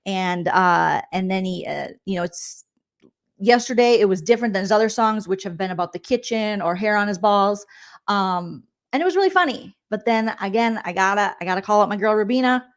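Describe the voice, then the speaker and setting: A woman comedian hosting a casual reaction vlog, chatty and animated, full of asides. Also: medium pitch, fairly quick. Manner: chatty and animated, acts out quotes with lots of asides. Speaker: comedian and reality TV recap host.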